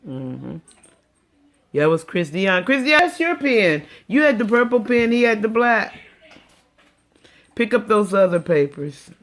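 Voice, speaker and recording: Slow, coaxing older woman. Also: mid-range voice, big pitch swings. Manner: coaxing, teasing, laughs often. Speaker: grandmother training her dog. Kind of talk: casual home video.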